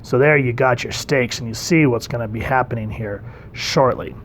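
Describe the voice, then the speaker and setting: A man's voice: mid-range voice, normal speed, a little hiss or hum. A man casually reviewing a comic book, conversational and enthusiastic, with frequent ums. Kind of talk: casual commentary.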